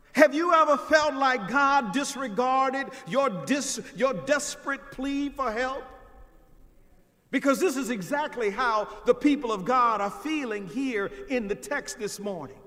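A man delivers a sermon in a church with a strikingly high, bright voice. He speaks at an unhurried pace and rises to forceful, emphatic peaks. A long hall reverb trails his words. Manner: preaching with rising emphatic outbursts. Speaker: pastor.

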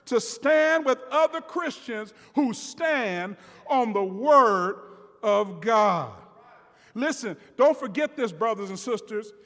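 Male preacher, very high and animated delivery, unhurried sermon pace, swings from shouting to hushed. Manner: preaching with rising shouts and sudden quiet asides. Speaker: pastor. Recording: long reverb of a large hall.

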